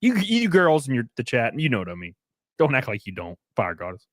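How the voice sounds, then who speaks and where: A man hosting his livestream in casual chat, loud and joking, who breaks into sudden yelps of excitement. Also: mid-range voice, fairly quick, dry recording, studio quality. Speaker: streamer host.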